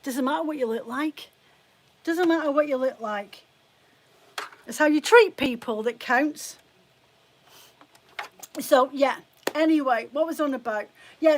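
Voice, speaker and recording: Blunt high-voiced British woman. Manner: blunt, chatty, swears freely. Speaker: fibre shop owner hosting a live chat. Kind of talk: casual live-stream chat.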